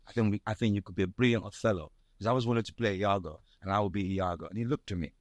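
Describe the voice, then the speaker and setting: Nigeria-born actor guest, low-pitched, lively anecdotes, dry close recording. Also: male voice, very fast, dry recording. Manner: animated storyteller, many fillers and restarts. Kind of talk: casual interview chat.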